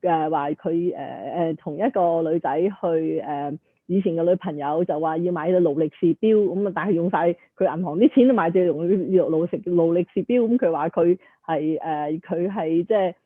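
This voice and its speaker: A woman hosting an interview, summarizing for viewers and pausing often to search for words. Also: lowish voice, slightly rough, no echo. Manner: hesitant, with frequent filler sounds. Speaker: host. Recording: tinny phone-like line, dry.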